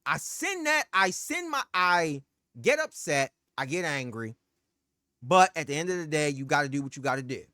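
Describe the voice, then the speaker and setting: A woman's voice: low voice, big pitch swings, moderate pace, pushed and bright, dry recording, studio quality. A woman telling a heated, profane story about a bad purchase, in casual storytime style. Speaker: streamer telling a personal story.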